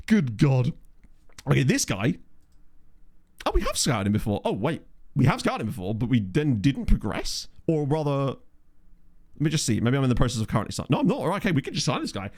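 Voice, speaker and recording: Talking fast, a man of medium pitch with a darkish tone lets his voice swoop wildly up and down. He's hosting a relaxed let's play on a USB condenser mic, thinking aloud as he plays and reads the live chat.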